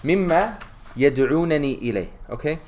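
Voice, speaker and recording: A man's voice: a little high, expressive, very fast, a little mellow. A man teaching an Arabic class, quizzing his students and reading Arabic lines aloud.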